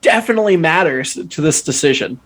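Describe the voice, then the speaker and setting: A man's voice: on the high side, animated, a little fast, fairly bright tone. A man co-hosting a casual podcast discussion, talking animatedly and arguing his point firmly. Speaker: podcast co-host.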